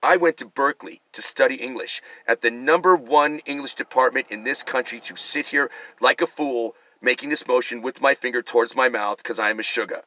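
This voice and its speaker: A man's voice: mid-range voice, a little fast, hardly any pauses, pushed and bright, no echo. A middle-aged male comedian giving a rambling, profane, self-mocking monologue.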